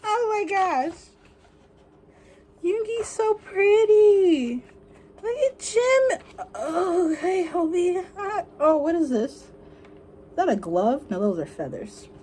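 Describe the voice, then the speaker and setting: A young woman narrates an album unboxing, her high voice leaping all over the place. She squeals, gasps and gushes in excited fangirl bursts, with faint hiss under the audio. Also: slow, pauses often. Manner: squealing, gasping, fangirl outbursts.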